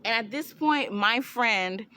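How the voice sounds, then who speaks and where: A young woman telling an animated storytime, breaking into laughs and shouts as she goes. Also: on the high side, slow, a little hiss or hum. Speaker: vlogger.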